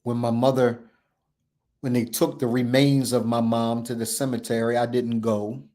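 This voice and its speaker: A man hosting a show, speaking in an impassioned motivational talk with an emphatic, repetitive, preacher-like cadence. He moves between loud declarations and low, hushed passages. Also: little pitch movement, moderate pace. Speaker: show host.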